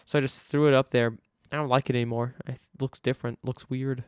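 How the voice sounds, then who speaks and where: A man's voice: medium pitch, flat delivery, a little fast, clear, resonant tone, no room sound. Chatty man streaming a building game. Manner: chatty, thinks aloud, talks to himself. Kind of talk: casual live-stream chat while building.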